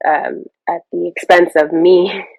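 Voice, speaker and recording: Hesitant woman with a low creaky voice. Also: steady tone, a little mellow, no echo, low-quality recording. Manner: hesitant, halting. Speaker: coaching client, mother. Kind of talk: coaching session.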